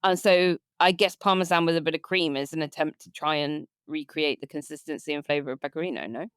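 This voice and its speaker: A woman's voice: low-pitched, steady tone, fast, clean tone, dry recording. A woman co-hosting a podcast, reading out news and chatting with easy laughter on a close mic. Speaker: podcast co-host. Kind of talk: casual news chat.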